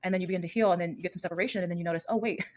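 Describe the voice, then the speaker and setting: Woman in her thirties, solo podcast host and coach, rapid earnest delivery, somewhat low voice. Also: fairly even intonation. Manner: earnest, fast-talking, repeats and rephrases herself.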